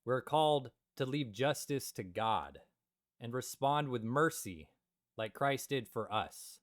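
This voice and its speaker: Young guy doing a jokey bible talk, swings from loud bits to mumbles, dry close sound. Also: medium pitch, expressive, slow, no echo. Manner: joking, jumps between loud asides and quiet mutters. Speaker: Christian video host. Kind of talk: comedic Bible commentary.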